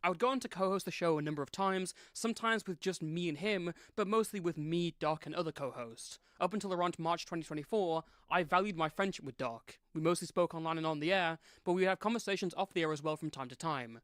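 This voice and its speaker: A man with a slightly raised pitch reads a written statement aloud on a stream at a steady pace, now and then muttering asides. The recording is dry and close. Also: fast talker, few pauses, no echo.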